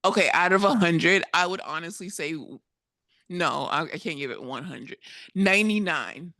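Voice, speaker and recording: A woman's voice: fairly low pitch, moderate pace, sharp tone, no room sound, clean studio sound. A woman from South Florida co-hosting a podcast, chatting casually in a playful, jokey way and laughing into her words. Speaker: podcast co-host. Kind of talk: casual chat.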